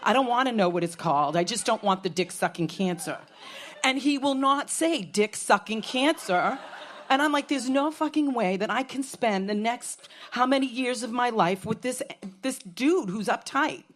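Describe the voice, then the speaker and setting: A woman's voice: on the high side, expressive, normal speed, slight background noise. Middle-aged woman telling a wild story on stage, swears a lot, funny and blunt. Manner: frank, profane, comic, with laughs from a crowd. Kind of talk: personal storytelling talk.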